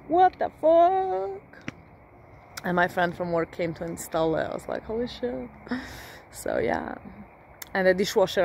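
A woman's voice: fairly low pitch, a little hiss or hum. A woman vlogging from her rural home at night, half-whispering, swearing often and speaking from the heart. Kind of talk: casual whispered vlog.

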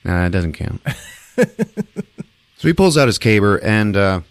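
Lively low-voiced man recapping a movie. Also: unhurried, clear, resonant tone, no room sound. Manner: animated, laughing, jokey storytelling. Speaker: podcast host.

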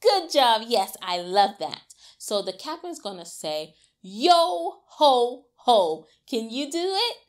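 A woman's voice: unhurried, hardly any pauses. A woman hosting a children's circle time, coaxing young listeners to clap and sing along in a cheery manner. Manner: cheery, coaxing, talks straight to little kids; bursts into high excited cheers. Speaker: children's read-aloud host.

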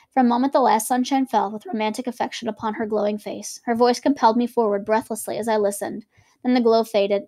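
Fast-reading woman with a high voice. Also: darkish tone, no echo. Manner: quick, conversational asides between reading. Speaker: reader and teacher. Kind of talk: reading a novel aloud with commentary.

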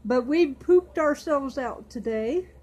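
A middle-aged woman chatting to her viewers, slow and affectionate, stumbling over some words. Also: high-pitched, animated, darkish tone, poor audio. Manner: coos in baby talk. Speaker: vlogger. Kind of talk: casual chat to camera.

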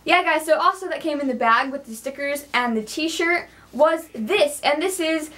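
A young woman with a high, bright-sounding voice records a casual review vlog at home. She is bubbly and chatty and speaks straight to her viewers, as if catching up with friends. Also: moderate pace, a little hiss or hum. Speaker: vlogger.

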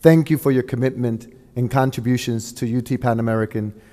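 A man's voice: mid-range voice, steady tone, fairly quick, warm tone. A man making courteous, formal announcements as the presenter at a graduation ceremony in a large venue. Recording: long hall reverb.

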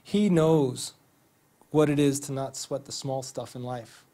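On a theater stage, a man gives a physical therapy training to an audience, conversational and enthusiastic, telling stories with quoted dialogue. His medium-pitched voice is dark, his delivery flat, and his pace moderate.

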